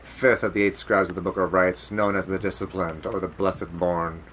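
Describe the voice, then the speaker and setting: A man reading as a grave, deep lore narrator. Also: flat delivery, a bit bright, a little hiss or hum. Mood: solemn. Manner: slow, grave read-aloud narration. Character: solemn male narrator of game lore. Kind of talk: reading game text aloud.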